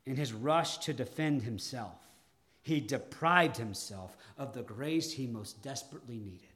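Preaching in a mid-range voice with lively intonation, a male pastor takes a deliberate, dramatic approach. He pauses often, shifting between emphatic and hushed delivery.

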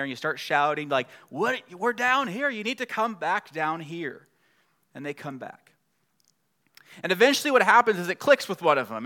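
A man's voice: on the high side, bright, forceful tone. A middle-aged male pastor preaching a sermon in a conversational way, building to emphatic passages.

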